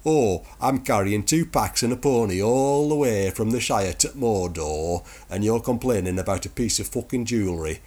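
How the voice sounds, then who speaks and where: Man voicing a blunt, exasperated hobbit manservant, husky lowish voice. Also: moderate pace, hardly any pauses, a little mellow, lightly acted. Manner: exasperated, mock-deferential then blunt. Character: fed-up, blunt male hobbit servant.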